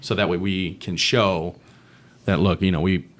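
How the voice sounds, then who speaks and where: Deep-voiced, laid-back podcast guest, a man. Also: steady tone, measured pace. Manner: laid-back and slangy, says dude and bro. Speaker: guest, real estate investor. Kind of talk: casual podcast conversation.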